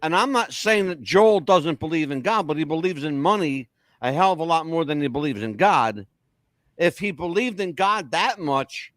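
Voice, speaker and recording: A man's voice: on the high side, no echo. Podcast host guy, swears a lot, bouncy up and down voice, dry close sound. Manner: blunt, profane, animated storytelling. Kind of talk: casual chat.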